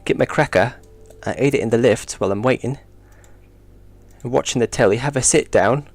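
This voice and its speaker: A man's voice: medium pitch, brisk, a little mellow, soft background music, pitched above the performer's own voice, lightly acted. A man putting on an exaggerated mock British accent and playing a jokey British bloke. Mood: playful. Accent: British (put on).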